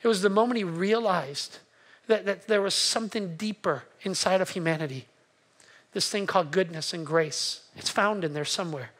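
A man's voice: high voice, a bit bright. Earnest male pastor preaching. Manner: earnest storytelling, slow emphatic pauses, asks the congregation. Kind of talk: sermon.

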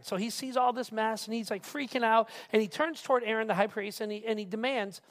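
A male pastor preaching a casual, animated sermon who keeps asking the crowd questions. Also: high voice, a little fast, few pauses. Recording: reverberant hall.

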